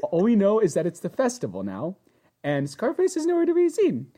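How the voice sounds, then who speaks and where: A woman's voice: mid-range voice, a little fast. A woman co-hosting a casual chat, recapping episodes and acting out the characters' lines. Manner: animated, acts out characters' lines. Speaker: podcast co-host.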